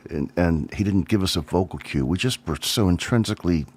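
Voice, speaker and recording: Deep-voiced man reminiscing with many ums. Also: a little fast, darkish tone. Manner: rambling, reminiscent, thinks aloud with many ums. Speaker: drummer looking back on his old band. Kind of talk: casual solo livestream talk.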